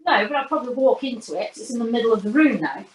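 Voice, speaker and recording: A woman's voice: fairly high pitch, lively intonation, very fast, a crowd in the background. A woman taking part in an online cycling class, chatting casually with some hesitant fillers over a video call. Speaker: class participant. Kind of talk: casual chat. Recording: roomy, distant video call audio.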